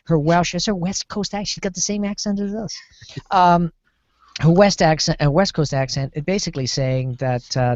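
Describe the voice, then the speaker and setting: A man on a TV discussion panel, rambling and animated as he talks through a series. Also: fairly high pitch, normal speed, no room sound. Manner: rambling, lots of fillers and restarts, animated. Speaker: podcast panelist. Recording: dull lo-fi sound.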